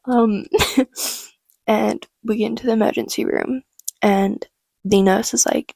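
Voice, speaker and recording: Woman, vlogger, casual storytime, chatty, swearing, vocal fry, dry close sound. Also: mid-range voice, fairly even intonation, takes it slowly, mellow, no room sound. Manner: chatty, swears freely, lots of fillers.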